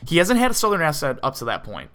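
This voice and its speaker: A man's voice: fairly high pitch, huge pitch swings, fast talker, a bit bright. A man co-hosting a casual movie discussion podcast, rambling with lots of "like" and "um" fillers. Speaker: podcast co-host.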